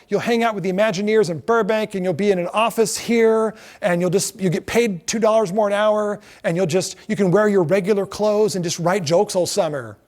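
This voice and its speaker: A middle-aged man giving a lecture to a class, telling lively anecdotes and acting out the quotes. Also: high voice. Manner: animated storyteller acting out quotes.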